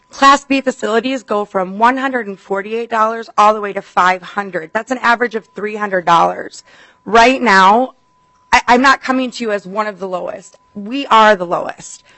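A woman's voice: medium pitch, pushed and bright, no room sound, rough recording. A middle-aged woman, a care facility administrator, giving earnest, emotional testimony to a legislative committee. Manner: earnest, apologetic, fast and emotional.

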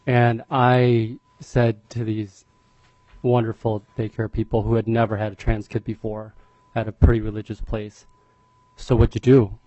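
A man's voice: lowish voice, flat delivery, dark tone, no echo, lo-fi sound. Earnest, emotional father testifying. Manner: earnest, emotional, halting repetitions. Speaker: parent testifying at a legislative hearing. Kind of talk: public testimony.

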